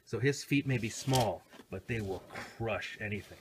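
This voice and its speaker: A middle-aged man giving a casual, excitable hands-on toy review, rambling and chatting to his viewers. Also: lowish voice, normal speed, a little hiss or hum. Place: home recording station.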